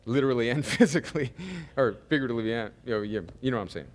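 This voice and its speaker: A pastor preaching a sermon in a loose, conversational style, full of humor and asides. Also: male voice, mid-range voice, fast talker, big-room sound.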